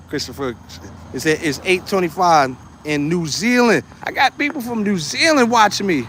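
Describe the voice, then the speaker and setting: A man's voice: high voice, lively intonation, normal speed, a bit bright, a little hiss or hum. A man chatting casually on a livestream, reading viewer comments, laughing often and repeating phrases as he talks. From United States. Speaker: livestream host.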